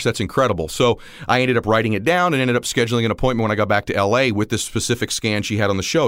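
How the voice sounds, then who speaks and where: Guy in his 40s doing a motivational talk, fast, acts out stories, pretty dry sound. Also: on the low side, dry recording. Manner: storytelling, acting out dialogue, rising to near shouts. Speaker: motivational speaker.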